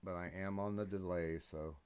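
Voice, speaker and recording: A man's voice: low voice, steady tone, normal speed, a little mellow, smooth. A man hosting a casual live stream, hesitant with lots of ums, swearing bluntly now and then. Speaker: streamer host.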